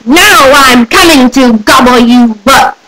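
A woman's voice: sits high, takes it slowly, pushed and bright, heavily acted, rough recording. A woman voicing a greedy male troll under a bridge, roaring out threats in close to her own voice. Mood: menacing.

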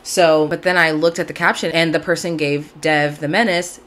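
Chatty low-voiced young woman. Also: fairly even intonation, moderate pace, fairly bright tone. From Southern California. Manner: chatty, gushing, lots of "like". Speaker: podcast host. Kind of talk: casual chat to camera. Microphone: camera mic, video-call style.

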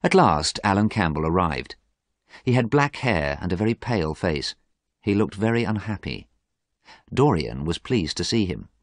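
A man with a very low voice reads a story aloud for English learners. His delivery moves expressively up and down. The sound is dry and close. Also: big pitch swings, normal speed, no room sound. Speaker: narrator.

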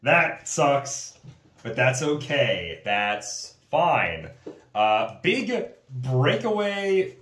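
Animated man playing a tabletop game. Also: mid-range voice, very slow. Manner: animated, mock-dramatic outbursts. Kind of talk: casual game chat. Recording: echoey room with faint noise.

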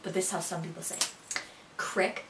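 A woman's voice: on the low side, level tone, rapid-fire, a little hiss or hum. A woman from Buffalo with a Buffalo accent, chatting casually and giggling often as she shows off regional words. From Buffalo, New York. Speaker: vlogger. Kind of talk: casual chat. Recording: roomy echo, mic far off.

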